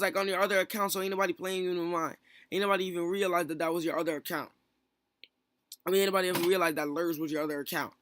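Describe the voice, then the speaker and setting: A young man streams his frustration in a heated callout vlog, piling up fillers and rhetorical questions. His voice sits high and bright, and the recording is close and dry with no room sound. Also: no echo. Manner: heated, rapid rant full of fillers.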